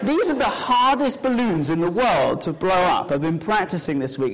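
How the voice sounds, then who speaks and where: A man's voice: high-pitched, expressive, normal speed, hardly any pauses, a crowd in the background. Playful encouraging male preacher. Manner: playful, encouraging, coaxing a child volunteer. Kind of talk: children's talk in a church service.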